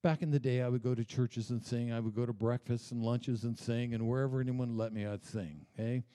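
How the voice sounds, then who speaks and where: A man's voice: medium pitch, fairly even intonation, brisk, warm tone. A middle-aged man preaching a sermon in a church, telling personal stories in a conversational way and often checking in with "okay?". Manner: conversational, tag questions like "okay?". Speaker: pastor. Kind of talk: storytelling sermon. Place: church sanctuary.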